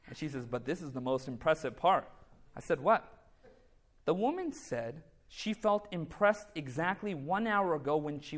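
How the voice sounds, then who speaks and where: A man with an unusually high voice delivers a testimony sermon. He tells his story through back-and-forth dialogue and now and then calls out to the congregation for a response. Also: a bit bright. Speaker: speaker giving a faith testimony.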